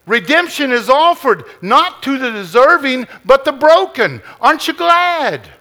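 A man's voice: very high-pitched, very animated, measured pace, sharp tone. A man preaching a sermon with an emphatic, repetitive cadence, likely in a church or revival meeting.

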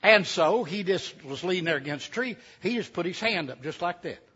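A man's voice: high voice, lively intonation, fairly quick, pushed and bright, husky. A man telling a folksy tale to a live audience, with chatty asides. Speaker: storyteller. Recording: dull lo-fi recording.

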